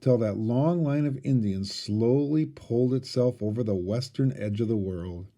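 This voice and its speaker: A man, a teacher, reading a storybook aloud with expressive storytelling. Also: medium pitch, moderate pace, muffled recording.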